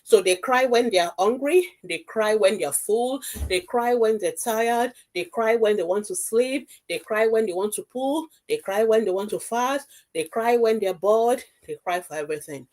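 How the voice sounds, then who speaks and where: A woman pediatrician gives a health webinar talk addressed directly to mothers, emphatic and reassuring, repeating key points in lists. Her voice is a little high with a darkish tone, at a normal speed.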